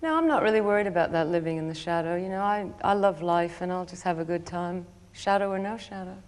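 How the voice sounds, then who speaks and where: A woman guesting on a television chat show, answering in a relaxed, easygoing way. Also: on the low side, fast talker. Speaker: guest photographer. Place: television studio. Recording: studio reverb.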